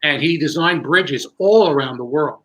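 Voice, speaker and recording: A man, a magician, telling animated stories in conversation and building suspense as he goes. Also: fairly high pitch, moderate pace, rough recording. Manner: lively, building suspense with self-interruptions. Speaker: magician recalling a fellow performer.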